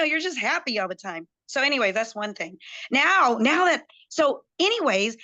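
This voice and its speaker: Bright, chatty woman telling her story. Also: a little high. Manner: chatty, excitable, acts out quoted dialogue. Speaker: guest. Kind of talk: animated personal storytelling.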